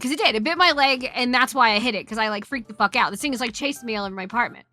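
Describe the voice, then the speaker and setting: Bright-voiced swearing woman streamer. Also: on the high side, rapid-fire, few pauses, faint music behind. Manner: chatty, swears freely, laughs through her story. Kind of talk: casual storytelling chat on a game stream.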